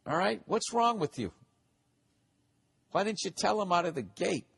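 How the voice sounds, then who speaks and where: A man's voice: high-pitched, sing-song, normal speed, vocal fry, a bit bright, breathy edge. A man in his forties hosting a solo comedic podcast, rambling and profane, often poking fun at himself. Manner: rambling, profane, self-deprecating. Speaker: podcast host.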